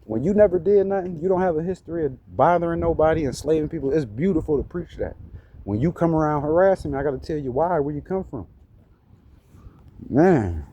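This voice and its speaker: A man's voice: on the high side, lively intonation, a little fast, warm tone, muffled recording, a little hiss or hum. Indignant, preachy man ranting outdoors. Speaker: vlogger. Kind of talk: ranting monologue to camera. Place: outdoors outside a church.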